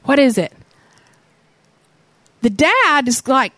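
A woman preaching a sermon, telling the story in an animated way and asking many rhetorical questions. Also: high-pitched, measured pace, no echo.

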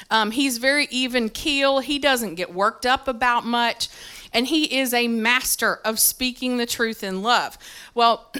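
A woman pastor with a clear, resonant, high-ish voice preaches a sermon at a church service. She tells a lively, self-deprecating story about herself, full of ums, into a handheld or stage mic that feeds back when she moves.

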